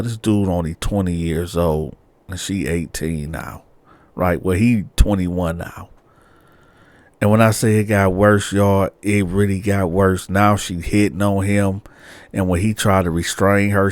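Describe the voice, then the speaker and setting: A man casually telling a true-crime story, slangy and animated, often checking in with "right?". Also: low voice, no room sound.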